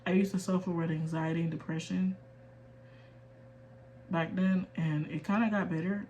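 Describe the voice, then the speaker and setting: A young American vlogger in her twenties talks candidly to camera in a personal rant, her voice low-pitched. She starts out quiet and emotionally restrained, then becomes firm and emphatic. Slight background noise can be heard.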